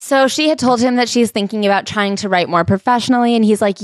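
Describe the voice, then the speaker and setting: A woman's voice: a little high, fast, few pauses, dry recording. A woman co-hosting a comedic podcast, reading from a memoir and adding dry, sarcastic asides. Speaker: podcast co-host. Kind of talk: comedic book recap chat.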